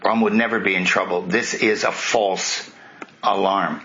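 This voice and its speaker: A man's voice: low voice, fairly even intonation, unhurried, bright, forceful tone. A man retelling a sacred epic as a spiritual teacher, talking conversationally and turning aside to question his listeners. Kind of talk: retelling scripture with commentary. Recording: muffled lo-fi recording, faint hiss.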